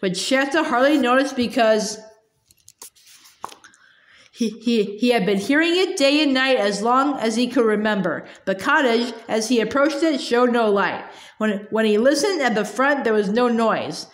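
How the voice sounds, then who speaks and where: A woman's voice: a little high, lively intonation, a little slow. A woman narrating a children's novel, reading it aloud in a plain storytelling way. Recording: roomy echo.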